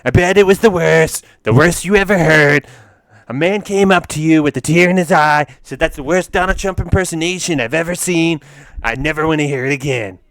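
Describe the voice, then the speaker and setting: A man's voice: fairly high pitch, a little fast, a bit bright, no echo, voice pushed up. Man doing a blustering older male politician, boastful, bombastic, pushed-up voice, dry sound. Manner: bombastic, repetitive.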